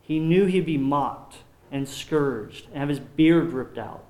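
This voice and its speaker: A man preaching a sermon as pastor, earnest and measured, often dropping his voice low on solemn points. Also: mellow. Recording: roomy echo.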